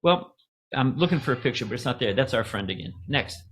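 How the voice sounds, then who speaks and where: A middle-aged man giving a casual, joking spiritual talk, pausing to ask the audience questions. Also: medium pitch, animated, a bit bright, a little hiss or hum.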